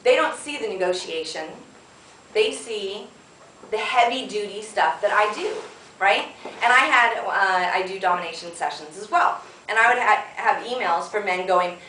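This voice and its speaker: A woman speaking frankly at a conference, chatty and quick to laugh, often checking in with the audience. She sounds some way off from the microphone. The room is echoey, with a faint hum of ambience behind her. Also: mid-range voice, animated, sharp tone, far from the mic. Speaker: conference presenter. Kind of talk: conference talk.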